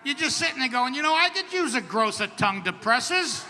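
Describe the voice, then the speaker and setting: Wry middle-aged comedian, high bright voice. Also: male voice, very animated, a little fast, big-room sound, slight background noise. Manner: wry, self-deprecating, punchy delivery. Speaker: stand-up comedian. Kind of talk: stand-up comedy set. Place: outdoor comedy stage at a camp festival.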